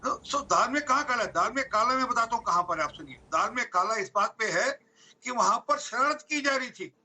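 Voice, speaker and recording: A man's voice: very high voice, animated, very fast, pushed and bright, breathy edge, rough recording. A man with an Indian accent arguing as a political spokesperson in a TV news debate, insistent and argumentative. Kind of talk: TV debate panelist.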